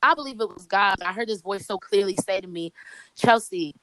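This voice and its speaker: A woman comedian, a podcast guest speaking by phone, telling a story in an animated way with many restarts. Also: mid-range voice, fast, no echo, rough recording. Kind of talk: casual chat.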